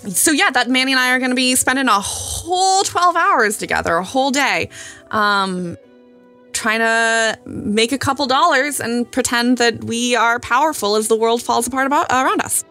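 Woman guest co-host: bright, higher voice, loose chatty tangents. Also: lively intonation, measured pace, soft background music. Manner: rambling, self-aware tangents. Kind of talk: casual podcast chat.

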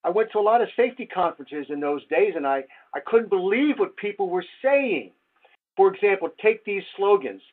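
A man's voice: high voice, lively intonation, brisk. Older man lecturing over a tinny line. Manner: wry, lecturing, rhetorical questions. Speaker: safety researcher presenting. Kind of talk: webinar slide presentation. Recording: tinny phone-like audio.

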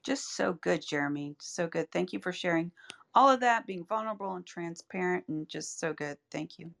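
A woman's voice: fairly low pitch, animated, normal speed, creaky, fairly bright tone. A woman in a group audio room, effusively praising the speaker.

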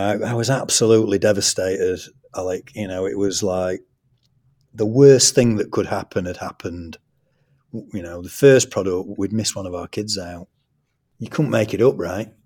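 English guy telling a story in an interview, lowish voice, chatty and animated, restarts his sentences. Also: normal speed. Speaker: guest, school trust leader.

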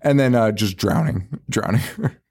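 A podcast co-host with a lowish, darkish voice at normal speed recaps a horror movie in casual chat. He swears freely, laughs a lot, and retells scenes in mock voices.

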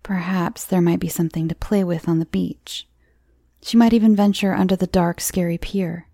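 A woman narrating a horror story in a steady, measured reading. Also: on the low side, vocal fry, dry recording.

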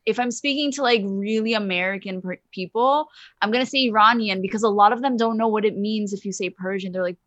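A woman chatting as a podcast guest, telling lively stories at a quick clip. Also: mid-range voice, dry recording, highs cut off. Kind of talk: casual chat.

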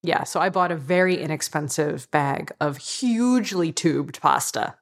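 A woman's voice: low-pitched, measured pace, creaky. A woman co-hosting a podcast in casual chat, bubbly and often laughing. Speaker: podcast co-host.

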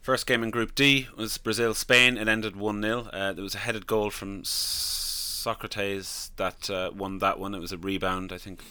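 A man's voice: on the low side, fairly even intonation, measured pace, few pauses, pushed and bright, smooth. A man co-hosting a podcast, recapping casually with fillers. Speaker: podcast co-host. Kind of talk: casual chat.

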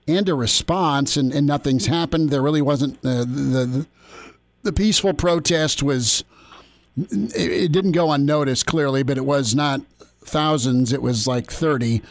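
A man's voice: mid-range voice, dry recording. A man hosting sports talk radio, casual and joking, with many fillers. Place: radio studio.

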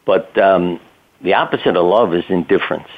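A man's voice: deep voice, a little fast. Older man telling stories over a tinny phone line. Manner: conversational storyteller, chuckling, acts out quotes. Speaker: guest, doctor. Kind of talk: casual storytelling interview.

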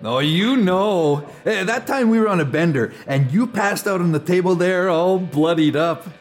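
A man's voice: high voice, expressive, moderate pace, soft background music. A man playing Mooch, a teasing barfly buddy. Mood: pestering. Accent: Canadian. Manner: teasing, rambling storyteller. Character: joking unemployed drinking buddy Mooch. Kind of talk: stage play acting.

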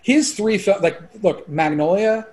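A man around forty, a filmmaker guest chatting on a podcast, excitable and rambling, full of "like" and casual swearing. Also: high voice, measured pace.

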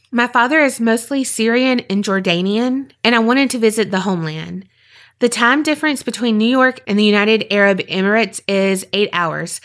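A woman hosting a podcast, reading listener stories aloud in a steady storytelling voice with short asides. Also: medium pitch.

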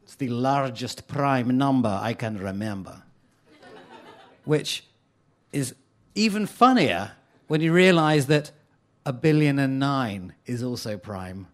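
A man's voice: medium pitch, expressive, slow, pauses often. A man giving a playful, chuckling talk to a live audience in a hall.

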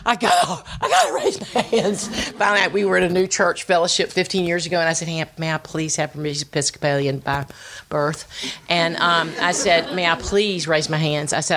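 A woman's voice: low-pitched, a little hiss or hum. A middle-aged woman giving a personal testimony talk, telling stories with quoted dialogue and bits of sung scripture. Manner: storytelling, animated with quoted dialogue and sung lines. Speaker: women's ministry speaker.

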